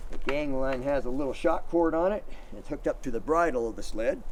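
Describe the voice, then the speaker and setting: Guy teaching kids about sled dogs, voice jumps all over, acts out the yelled commands. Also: medium pitch, a little fast, slight background noise. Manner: animated storyteller, acts out shouted commands. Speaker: dog sledding instructor. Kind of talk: outdoor demonstration for kids.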